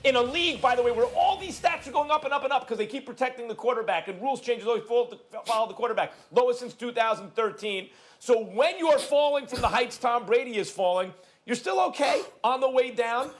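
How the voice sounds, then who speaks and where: A man's voice: extremely high pitch, brisk. A man on a sports debate panel, arguing emphatically and reeling off statistics, with stammered restarts.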